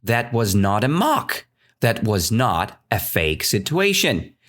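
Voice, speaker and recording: A man with a Russian accent tells a story to teach English, speaking unhurriedly and often asking "right?". His pitch swings high and low with lively expression. His steady pace leaves room for learners to follow. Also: slow. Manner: animated, keeps checking in with "right?".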